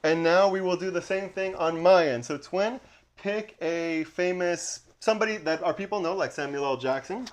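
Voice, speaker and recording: A man co-hosting a casual podcast, running a movie trivia game with lively banter and frequent laughter. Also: high voice, moderate pace. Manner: animated, laughs often, calls his co-host "Twin". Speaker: podcast co-host.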